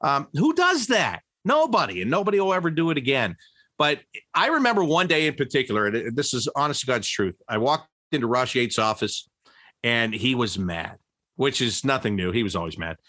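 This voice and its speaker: A middle-aged man, a former broadcaster, telling stories in a casual interview, with many restarts and pitch that jumps up when he gets excited. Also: fairly quick, dry recording, studio quality.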